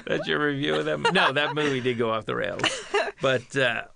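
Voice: medium pitch, fairly quick, creaky, noisy background. A podcast co-host in casual chat, teasing and wry.

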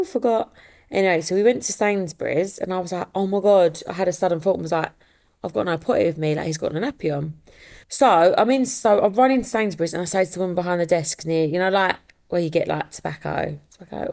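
A woman's voice: lowish voice, darkish tone. A woman hosting a casual solo podcast, telling a story in a chatty way and acting out the voices she quotes. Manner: swears casually. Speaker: podcast host.

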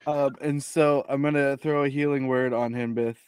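A man's voice: medium pitch, steady tone, normal speed, darkish tone, clean tone, dry recording. A man playing a tabletop game, hesitant and thinking aloud as he plans. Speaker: player. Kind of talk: casual tabletop game chat.

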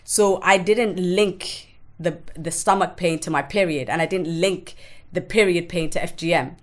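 A woman's voice: fairly low pitch, normal speed. A woman, a podcast guest recounting her own life frankly and bluntly, swearing freely. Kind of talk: candid personal testimony in conversation.

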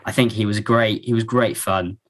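A man's voice: on the low side, steady tone, normal speed. A man co-hosting a podcast, chatting casually about football in a rambling way, full of fillers and restarts. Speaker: podcast co-host.

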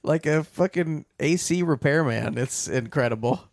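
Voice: mid-range voice, normal speed, creaky, darkish tone. A podcast co-host arguing for favorites emphatically and teasing friends. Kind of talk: casual comedic chat.

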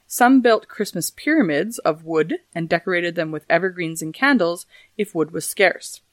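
A woman's voice: lowish voice, animated, moderate pace, dry recording. A woman hosting a casual history podcast, reading facts and adding dry, joking asides. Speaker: podcast host.

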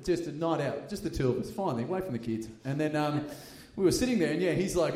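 A man hosting a live comedy podcast, telling stories in an animated way and often laughing. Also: a little high, very fast, hardly any pauses, a little hiss or hum. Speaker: podcast host. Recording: echoey live venue with audience.

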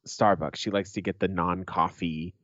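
A middle-aged man hosts a podcast, chatting casually as a blunt, profane, joking storyteller. His voice is low and a bit bright, with fairly even intonation at a moderate pace. The recording is dry, dull and lo-fi with no room sound.

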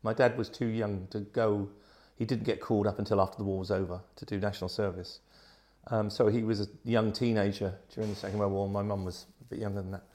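A man, a guest telling lively anecdotes and acting out the voices in them. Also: lowish voice, quick pace. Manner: animated, acts out voices in his stories. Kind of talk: anecdotal storytelling.

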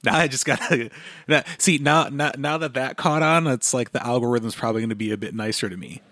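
A man co-hosting a podcast in casual chat, rambling and excitable, with sarcastic asides. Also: mid-range voice, fairly quick, dry recording. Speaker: podcast co-host.

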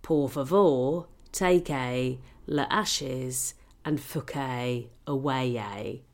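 A woman's voice: very deep voice, very slow, a little mellow, pitched below the performer's own voice, exaggerated voice. A British woman putting on a rude, dismissive mock-French local speaking broken mock-French.

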